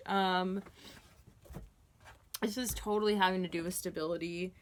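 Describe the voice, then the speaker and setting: A woman with a slightly low voice gives a casual tarot reading. She talks straight to her listener in an earnest, reassuring way. Her sentences loop back and restart, full of fillers. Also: fairly even intonation, normal speed, long pauses. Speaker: tarot reader.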